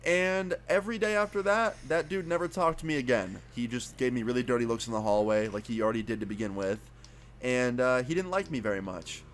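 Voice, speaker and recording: A man's voice: mid-range voice, brisk, a little hiss or hum. A young man telling a casual, profane storytime as a YouTuber, acting out his own lines. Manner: casual, profane, animated retelling. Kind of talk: storytime vlog.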